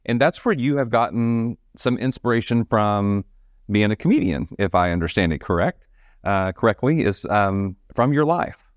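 Very deep-voiced man hosting an interview. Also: lively intonation, moderate pace, no echo. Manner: supportive, asks questions with many fillers. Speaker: podcast host. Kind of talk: casual interview.

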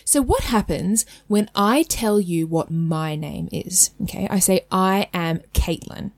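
A woman's voice: mid-range voice, slow pace, no room sound. A woman with an Australian accent hosts a casual explainer, talking in a chatty way that keeps checking in with "right?" and "okay?" and breaks into light laughs. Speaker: host. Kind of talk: casual educational talk.

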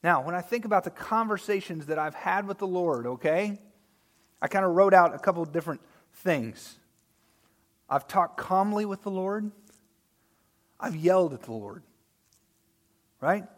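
A man preaching a sermon in a conversational way, often checking in with his listeners and swinging between loud emphatic lines and quiet asides. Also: high voice, lively intonation, normal speed, long pauses. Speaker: pastor.

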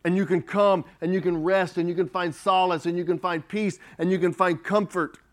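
Pastor guy preaching, kinda high voice, slow emphatic lines that swell up and drop off. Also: fairly even intonation. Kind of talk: sermon.

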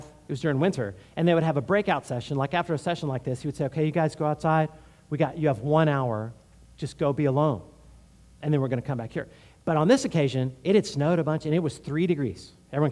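A pastor from Houston preaches in a loose, conversational way, telling stories and checking in with his listeners. His voice sits a bit high for a man and keeps a friendly, animated energy throughout. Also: a little fast. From Houston, Texas. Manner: conversational, animated, frequent "right?". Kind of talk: sermon with personal story.

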